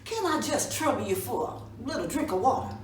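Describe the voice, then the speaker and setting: A woman voicing a sly, hungry male rabbit trickster in a folk tale, with folksy drawn-out exclamations. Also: fairly high pitch, very animated. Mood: wheedling. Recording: roomy echo from a distance, faint room noise.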